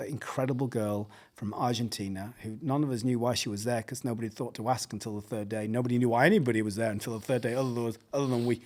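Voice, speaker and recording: A middle-aged English man telling a story casually, animated, laughing often and acting out the voices he quotes. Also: mid-range voice, quick pace, few pauses. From England. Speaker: podcast guest, pastor.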